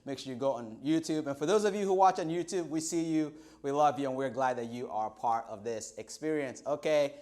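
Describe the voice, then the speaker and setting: A middle-aged man from Nigeria with a Nigerian accent, preaching a livestreamed sermon in an animated storytelling way, stretching out words for emphasis. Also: medium pitch, brisk, few pauses. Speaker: pastor.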